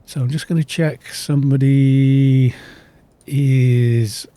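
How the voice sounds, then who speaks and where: A man's voice: mid-range voice, fairly even intonation, slow, warm tone, no room sound. A man streaming a game live, chatting casually and telling rambling stories between remarks on play. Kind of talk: casual live-stream chat while gaming.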